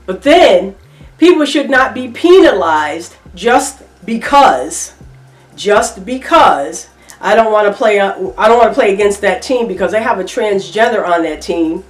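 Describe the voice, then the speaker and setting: A woman's voice: medium pitch, lively intonation, a little slow, distant mic, faint music behind. A middle-aged woman giving emphatic, repetitive opinion commentary in a reaction vlog, with features. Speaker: reaction vlogger. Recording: echoey room, voice off-mic.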